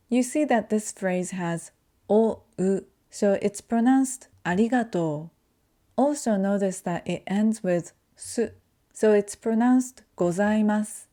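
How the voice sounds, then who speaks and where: A woman whose first language is Japanese gives a pronunciation lesson, speaking slowly and carefully as she demonstrates sounds. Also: medium pitch, mellow. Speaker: language teacher.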